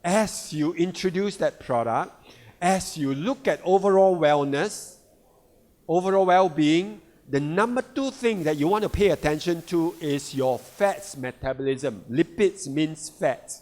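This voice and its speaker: A man's voice: a little high, a little mellow. A man giving a sales seminar talk on a product, often asking the audience "right?" and "all right?". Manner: slow, repeats "all right" and rhetorical questions. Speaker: product presenter.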